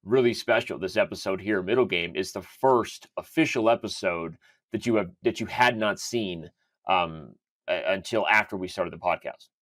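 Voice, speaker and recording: A man's voice: low-pitched, normal speed, fairly bright tone, dry recording. A man co-hosting a casual chess podcast, laid-back and chatty, laughing easily. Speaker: podcast co-host, chess commentator.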